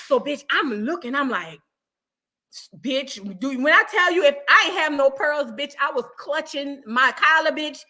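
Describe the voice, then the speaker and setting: A woman vlogger telling a story in a casual, animated, profane and dramatic way, swinging between shouting and hushed tones. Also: high voice, normal speed.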